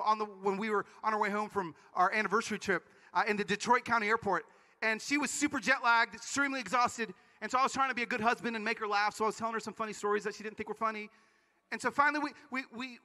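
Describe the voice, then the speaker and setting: Male conference preacher, high bright voice, animated storyteller, hall reverb. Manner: animated storytelling with quick asides. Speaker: conference speaker. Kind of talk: energetic sermon talk.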